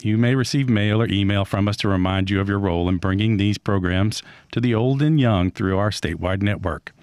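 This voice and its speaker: A man reading a steady, earnest fundraising appeal for a radio station. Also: fairly low pitch, brisk, clear, resonant tone, no echo, studio quality. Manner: steady, earnest, scripted delivery.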